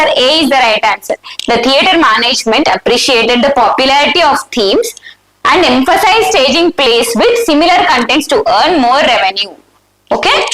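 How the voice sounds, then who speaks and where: High-voiced Indian woman teaching, echoey. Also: fairly bright tone, slight background noise. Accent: Indian English. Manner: reads options aloud and checks answers with the class. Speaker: exam prep teacher. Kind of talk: live online exam answer review.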